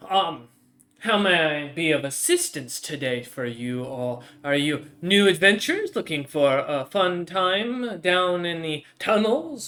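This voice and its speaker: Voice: medium pitch, sharp tone. A game master voicing a female troll shopkeeper who haggles with a wry, businesslike patter. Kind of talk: voicing a character in a tabletop game.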